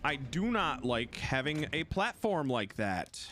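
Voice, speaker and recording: A man casually commenting live while playing a game, chatty and excitable, swearing and talking back to the characters. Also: fairly high pitch, slow pace, slight background noise. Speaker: streamer. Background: game music.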